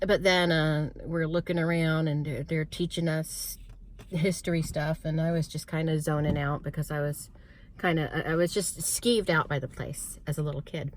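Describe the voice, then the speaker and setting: A woman's voice: low-pitched, fairly even intonation, moderate pace. A woman telling a spooky personal story in a casual vlog, rambling with many fillers and restarts.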